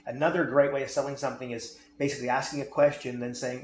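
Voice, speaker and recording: Guy giving sales tips, emphatic, keeps asking if it makes sense, middle pitch, roomy echo and a bit of hiss. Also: fairly even intonation, fairly quick, few pauses. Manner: emphatic, keeps checking in with "okay?" and "right?". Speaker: sales and marketing coach. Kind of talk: instructional talk on selling. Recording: echoey room with faint noise.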